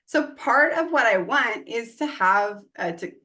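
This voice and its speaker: A woman's voice: on the high side, unhurried. A woman in her forties, a guest on an interview podcast, talking casually and acting out quoted lines as she tells a story. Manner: animated, acts out quoted dialogue. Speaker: guest real estate investor and coach.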